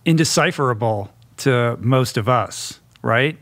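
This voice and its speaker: A man's voice: mid-range voice, a bit bright, no echo. A male podcast host in casual conversation with a guest, asking questions and reacting eagerly. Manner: engaged interviewer, quick reactions.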